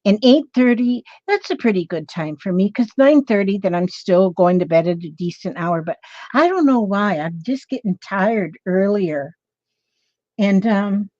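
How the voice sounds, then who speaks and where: Warm chatty woman hosting a craft livestream. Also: mid-range voice, animated, normal speed, no echo, lo-fi sound. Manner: rambling, chatty, greets viewers by name. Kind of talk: casual live chat with viewers.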